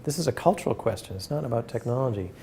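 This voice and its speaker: A man giving an academic talk and taking questions from the audience, speaking earnestly and in a measured way, often restarting his sentences. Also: medium pitch, expressive, creaky, mellow, slight background noise. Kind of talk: lecture with questions.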